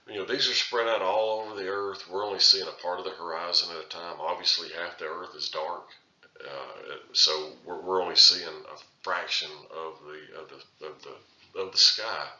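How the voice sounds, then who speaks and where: A man with a low, sharply edged voice delivers a recorded lecture, talking loosely and often circling back to restart his phrases. The sound is roomy and a little dull, like a lo-fi classroom capture. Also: pushed and bright. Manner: conversational, with frequent restarts and filler phrases. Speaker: surveying instructor.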